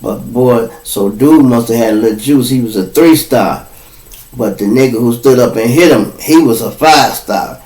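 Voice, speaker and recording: Man, Chicago accent, podcast host, storytelling, acts out voices, laughs and shouts, echoey room. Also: medium pitch, normal speed. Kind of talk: animated storytelling. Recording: roomy echo.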